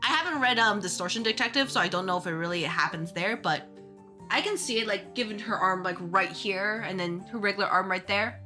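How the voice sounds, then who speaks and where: A woman streamer chatting casually while playing a game, ranting in an animated way with quick asides and restarts. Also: on the high side. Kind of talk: casual gaming stream chat.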